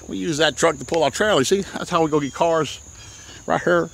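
A man, a used car dealer walking his outdoor lot and giving a playful, slangy sales pitch. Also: brisk, gravelly. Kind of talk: walk-around sales pitch.

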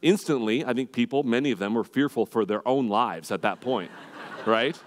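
A man's voice: medium pitch, normal speed, slight background noise. A man preaching a sermon as pastor, earnest and emphatic.

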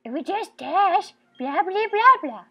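A woman voicing a hyper, pushy young boy rival in a game commentary, talking excitedly and bossily. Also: extremely high pitch, muffled recording, soft background music, heavily acted. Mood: eager, bossy. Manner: excited, bossy and fast-talking. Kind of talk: let's play voice acting.

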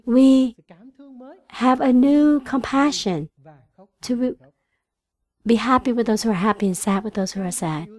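Slow, earnest woman interpreting a sermon. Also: fairly high pitch, a little mellow. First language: Vietnamese. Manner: earnest, halting with restarts.

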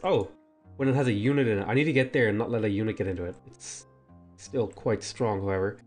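A man's voice: lowish voice, normal speed, darkish tone, soft background music. A man hosting a strategy game let's play, thinking aloud in casual commentary and talking back to the game's units.

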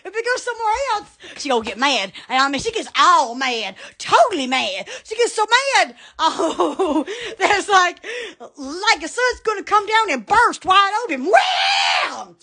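A woman's voice: very high-pitched, huge pitch swings, a little slow, few pauses, sharp tone, shouting. A woman hosting a casual live stream from her phone at home, gushing, laughing often and exclaiming over and over. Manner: repeated exclamations. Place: indoors at home.

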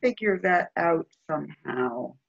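A woman chatting on a casual group video call in a relaxed, wry way. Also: on the low side, measured pace, vocal fry. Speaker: meeting participant. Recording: dull, lo-fi video call audio.

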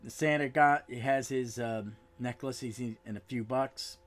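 A man's voice: medium pitch, steady tone. Rambling man recapping a comic. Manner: rambling, halting, with frequent restarts and trailing asides. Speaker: podcast host. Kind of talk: casual comic book recap.

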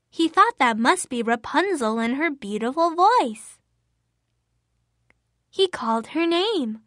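A woman narrating a fairy tale in a clear, careful storybook reading for language learners. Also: sits high, fairly bright tone, dry recording, studio quality.

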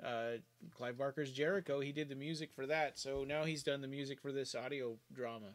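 A man's voice: medium pitch, steady tone, fairly quick, a loud crowd. An American man with a neutral, news-like accent, co-hosting a podcast in casual, hesitant chat with many restarts. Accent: General American. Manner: hesitant, restarts a lot, easily amused. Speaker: podcast co-host.

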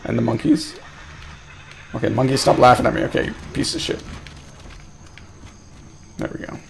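Crude jumpy male streamer, gravelly. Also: medium pitch, huge pitch swings, moderate pace, a little hiss or hum. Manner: crude, jumpy, swearing, laughing. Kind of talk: live gameplay commentary. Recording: game music behind. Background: horror game music.

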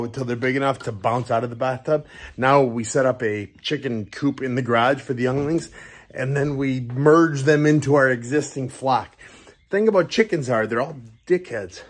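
A man walking around his farm and new food truck, chatting excitedly and then muttering quietly to himself. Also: mid-range voice, husky. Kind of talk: casual walk-around vlog. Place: outdoors on a farm with animals.

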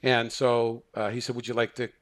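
This podcast guest is a middle-aged man who works as a counselor, and he speaks at a moderate pace with a medium-pitched voice. His storytelling is conversational and animated, with quoted lines acted out and frequent restarts and filler words.

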